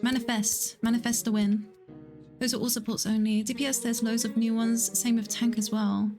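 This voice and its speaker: A young woman hosts a relaxed livestream from home. She keeps up a chatty back-and-forth, reading viewers' messages out and answering them with quick giggles. Her voice sits slightly high, with quiet music playing in the background. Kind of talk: casual livestream chat.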